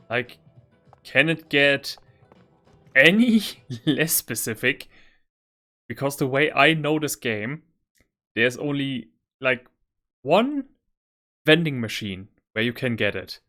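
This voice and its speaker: A man's voice: mid-range voice, pushed and bright. A young man with a German accent rambling through casual gameplay commentary and correcting himself. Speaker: gameplay streamer.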